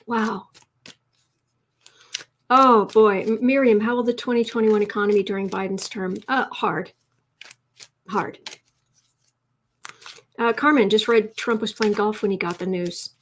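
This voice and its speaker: A woman's voice: medium pitch, steady tone, measured pace, long pauses, a little hiss or hum. A woman hosting a live tarot stream, chatty and emotional, teary at times, reading out viewer comments. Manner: emotional and chatty, many restarts.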